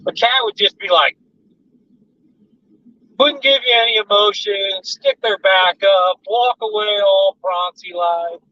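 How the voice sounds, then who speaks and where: A man's voice: high-pitched, measured pace, dry recording. A man vlogging from a moving car, rambling through casual chat and stories. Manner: rambling, chatty storytelling. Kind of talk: casual chat while driving. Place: car on a highway. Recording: distant, dull in-car recording with road noise.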